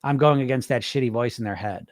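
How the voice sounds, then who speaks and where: In a dry, studio-quality recording, a medium-pitched man talks fast through his casual podcast as a weight loss coach. Blunt and animated, he swears without restraint and acts out his inner voices.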